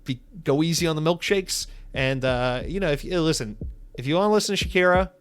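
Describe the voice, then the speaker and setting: A man's voice: a little high, a little fast, clear, resonant tone, no room sound. Rambling, profane male podcast host. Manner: rambling, profane, self-deprecating. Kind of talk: casual chat reading listener mail.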